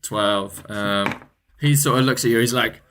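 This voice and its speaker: A man's voice: fairly low pitch, a little slow, fairly bright tone. A man runs a tabletop game and narrates chattily. His talk is full of "like" and "um". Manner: chatty, filler-heavy narration. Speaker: game master.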